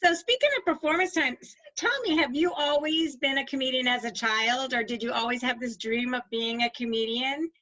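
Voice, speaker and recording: An older woman hosts an interview. Her voice is high and very bright, and she asks her questions in a friendly, curious way. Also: brisk, few pauses, muffled recording. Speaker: host. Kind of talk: interview hosting.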